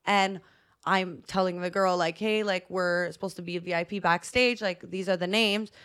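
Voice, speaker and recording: A woman's voice: on the low side, steady tone, normal speed, a bit bright, clear, resonant tone. A woman with a thick voice, co-hosting a podcast and telling a story in casual chat, acting out quotes and laughing often. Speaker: podcast co-host.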